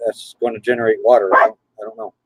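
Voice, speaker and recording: A man's voice: fairly low pitch, flat delivery, fast talker, breathy edge, dry recording, rough recording. A man on a casual live stream from his RV in a parking lot, greeting viewers by name and talking to his dogs. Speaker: RV travel vlogger.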